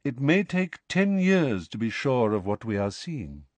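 A man voicing a calm, aloof male centaur teacher who speaks in a measured, quietly disdainful way. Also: medium pitch, dry recording.

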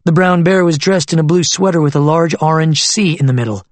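A man narrating an audiobook novel in a steady, even storytelling manner. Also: a little high, brisk, dry recording.

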